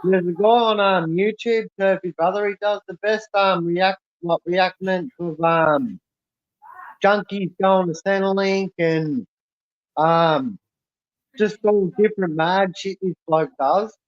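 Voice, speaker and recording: A man's voice: high voice, slow, dry recording. An easygoing man chatting as a guest on a livestream. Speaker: stream guest. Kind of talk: casual livestream chat. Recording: dull, dry lo-fi mic.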